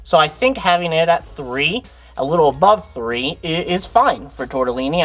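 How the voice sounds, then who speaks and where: A woman's voice: sits low, expressive, normal speed, a bit bright, faint music behind. A woman hosting her own channel, casually demonstrating and thinking aloud as she goes, often correcting herself. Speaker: reptile keeper and channel host.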